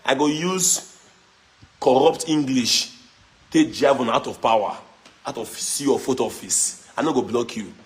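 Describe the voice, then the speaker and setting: A young Nigerian man from Edo with a local accent, talking loosely on a phone livestream, mixing in pidgin, animated and mocking with frequent laughs. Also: medium pitch, a little slow. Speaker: social media livestreamer. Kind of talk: casual livestream chat.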